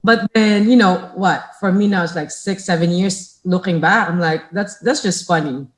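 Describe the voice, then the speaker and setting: Female podcast guest, lively anecdote-teller, roomy sound. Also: lowish voice, normal speed. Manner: animated storyteller acting out quotes. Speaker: guest, assisted living facility owner. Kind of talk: casual interview chat. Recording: echoey room.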